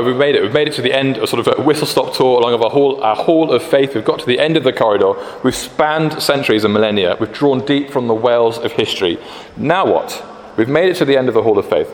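A British man preaching a sermon in a conversational way, with frequent fillers and restarts. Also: medium pitch. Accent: British English. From Britain. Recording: echoey hall, faint background noise.

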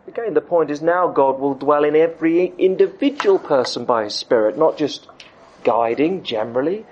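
A middle-aged man preaching a sermon, emphatic, with dramatic pauses. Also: a little high, darkish tone, muffled recording. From United Kingdom.

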